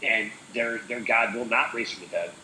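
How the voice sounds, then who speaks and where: A man's voice: on the low side, normal speed, pushed and bright, echoey room, slight background noise, rough recording. A man co-hosting a casual talk show, rambling with many fillers. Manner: rambling, full of "like" and "uh". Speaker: co-host. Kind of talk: casual chat.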